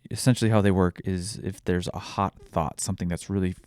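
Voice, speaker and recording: A young man hosting a podcast, frankly telling a personal story with frequent swearing and halting restarts. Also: low-pitched, steady tone, darkish tone, no room sound. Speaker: podcast host.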